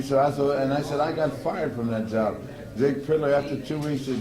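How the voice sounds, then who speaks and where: A former ballplayer telling lively anecdotes in an interview, often laughing. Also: male voice, mid-range voice, fairly quick, echoey room, crowd noise, rough recording. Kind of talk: storytelling interview.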